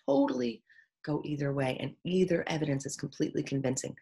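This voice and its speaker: A woman talking in a casual, reflective monologue, earnest in tone and acting out quoted voices with sudden jumps in pitch. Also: big pitch swings, quick pace, gravelly, warm tone, slightly rough. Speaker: teacher sharing opinions.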